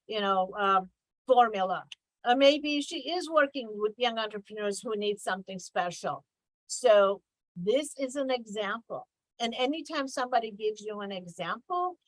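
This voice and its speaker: A woman's voice: fairly high pitch, dry recording, rough recording. Conversational woman coach, dry close sound. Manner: conversational, emphatic, reads examples with mock exaggeration. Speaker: business coach. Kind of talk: online workshop presentation.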